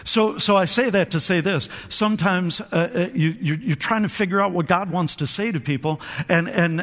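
A man's voice: sits high, fairly bright tone, in a large hall. A man preaching a sermon to a church, calling for amens, repeating phrases and restarting his sentences. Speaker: pastor. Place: church hall.

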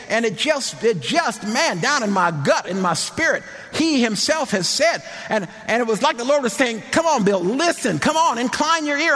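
High gravelly preacher guy, swings all over, big echoey church hall. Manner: impassioned, shouting at peaks, repeats phrases. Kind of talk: sermon. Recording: long hall reverb.

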